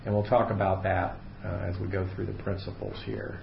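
Man, lowish voice, casual Bible study teacher, fillers and restarts; roomy, slightly muffled room recording. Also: a little fast, gravelly, slight background noise. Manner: relaxed, unscripted explaining with many fillers and restarts. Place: small room with a group.

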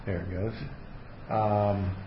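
A man with a fairly low voice leads an informal Bible study and explains each verse at an easy, unscripted pace. He talks with plenty of ums and restarts. The recording is roomy and a little dull, with faint room noise behind him. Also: slow pace. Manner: relaxed, unscripted explaining with many fillers and restarts. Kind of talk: casual Bible study lesson. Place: small room with a group.

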